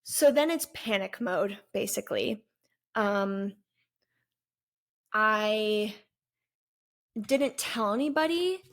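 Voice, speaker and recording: A woman in her twenties, a vlogger, candidly recounting a personal story in an earnest, halting way with pauses. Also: medium pitch, lively intonation. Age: 20s.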